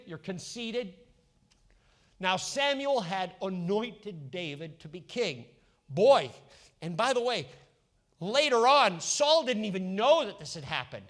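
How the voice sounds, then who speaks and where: Male pastor, fairly high voice, animated storytelling sermon. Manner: animated storytelling, acting out biblical characters.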